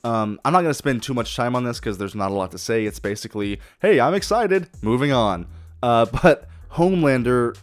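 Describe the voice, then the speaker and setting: A man's voice: mid-range voice, lively intonation, a little fast, few pauses, smooth, no echo, faint music behind. A man hosting a solo podcast, talking casually and enthusiastically with lots of swearing and restarts. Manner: enthusiastic, profane, rambling with restarts. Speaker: podcast host.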